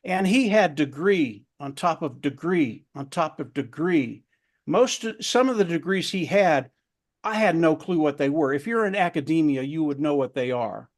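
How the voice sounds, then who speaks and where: A man's voice: on the high side, animated, measured pace. Earnest man telling a motivational story. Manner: earnest, repeats words for emphasis. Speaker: round table speaker.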